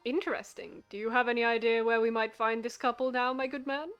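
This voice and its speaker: A woman's voice: a little high, flat delivery, a little fast, fairly bright tone, clear, resonant tone, no room sound, highs cut off, soft background music, natural voice. A woman voicing a courteous, formal male professor detective in a video game. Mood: polite.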